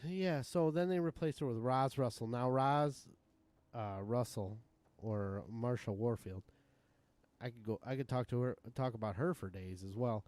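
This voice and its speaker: A male game streamer chatting loosely into a desk mic from his home setup. He rambles, swears freely and keeps breaking into chuckles. His pitch sits in a plain middle range. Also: measured pace, a little mellow, no room sound. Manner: rambling, profane, chuckling often. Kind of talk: casual live-stream chat.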